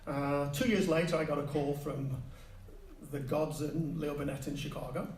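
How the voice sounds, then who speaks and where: Guy telling a story on stage, kinda high voice, echoey hall, mic far off. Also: moderate pace. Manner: animated, acts out quoted voices. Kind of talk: live personal storytelling. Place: stage before a live audience. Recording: echoey hall, distant mic, faint hiss.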